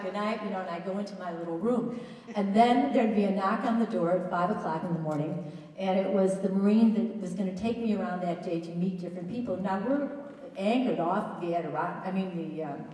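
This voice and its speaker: A woman with a lowish, mellow voice gives a chatty, enthusiastic introduction, often restarting her sentences. She is heard from a distance in a large hall with a long, roomy echo. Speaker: speaker introducing a guest at a college event. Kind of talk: informal introductory speech. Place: large hall at a college event. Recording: echoey hall, voice picked up from a distance.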